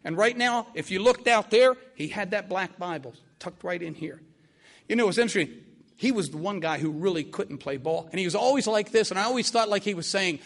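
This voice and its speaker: An older man telling a vivid personal story in an animated, repetitive way. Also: high voice, fairly quick, vocal fry. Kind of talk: spoken storytelling.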